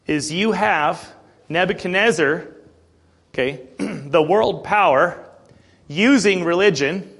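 A man with a slightly higher voice leads a morning Bible class in an easy, conversational way. He clears his throat often and checks in with his listeners, asking "okay?" and "right?". When he reads scripture, he slows down to lean on the key words. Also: fairly bright tone. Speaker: Bible study teacher.

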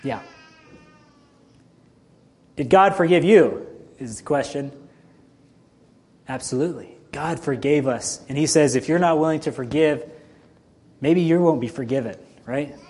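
A man's voice: on the high side, measured pace, long pauses, darkish tone. A man preaching a sermon as a pastor, emphatic and full of rhetorical questions to his listeners.

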